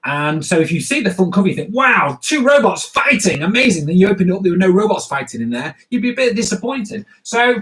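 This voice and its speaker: A man's voice: high voice, animated, fast, few pauses. A man giving a live comic drawing lesson, playful and jokey, talking straight to the viewers as he draws. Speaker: comics teacher.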